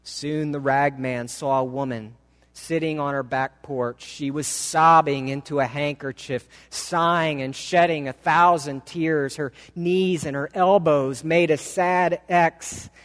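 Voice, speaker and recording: In a church sanctuary, a man preaches through a story slowly and emotively, drawing out each phrase with deliberate pauses in a dramatic reading. His voice is fairly high for a man, steady and a bit bright, and a long hall reverb lingers on every word.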